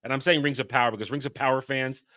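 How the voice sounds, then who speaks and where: A man's voice: medium pitch, steady tone, very fast, pushed and bright. A man hosting a livestream, ranting in a heated way with frequent stumbling restarts. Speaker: host.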